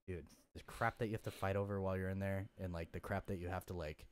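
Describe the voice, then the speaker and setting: A man's voice: sits low, steady tone, fast, smooth, no echo. A young man in casual podcast conversation, telling his story bluntly with lots of profanity and fillers. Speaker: podcast guest.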